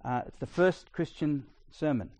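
A middle-aged Australian man preaching a sermon in a chatty, storytelling way with quick asides. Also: a little high, a little mellow.

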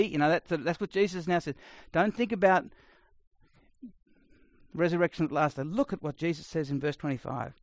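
A middle-aged man preaching a sermon, blunt and conversational, swinging between loud emphasis and quiet asides. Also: a little high, moderate pace, dry recording. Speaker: pastor.

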